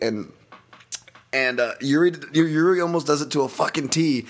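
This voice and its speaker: Man, podcast host, solo fight breakdown, rambling, animated, profane, average pitch. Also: fairly quick. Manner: animated, rambling, profane, laughs at own bits.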